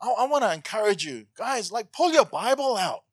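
A man preaching a sermon, animated and joking, swinging from loud to hushed. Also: high voice, a little fast, husky, no room sound. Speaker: pastor.

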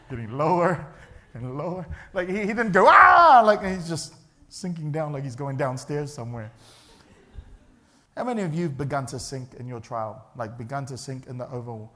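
A man's voice: mid-range voice, normal speed. A male pastor, preaching a sermon in a church and acting out the people in his story. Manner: animated, acts out the characters' voices.

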